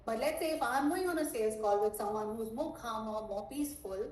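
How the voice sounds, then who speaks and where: A woman teaching a live online sales training, high-energy and animated, checking in with her audience often. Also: a little fast. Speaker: sales coach. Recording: echoey room, mic at a distance.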